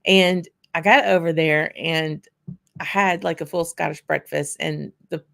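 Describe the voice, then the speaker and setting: Woman, whisky host, casual livestream chat, answers viewers by name, lowish voice. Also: steady tone, unhurried, gravelly, a bit bright. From Louisiana. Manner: chatty, answers viewers by name while tasting.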